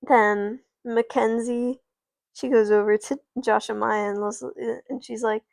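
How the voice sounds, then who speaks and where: A woman on a livestream who slowly rambles through an improvised doll story and keeps stopping herself mid-sentence. Her voice is fairly high and gravelly, and the sound is dry and close. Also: steady tone, darkish tone, no echo. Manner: meandering, self-interrupting, laughing. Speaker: streamer.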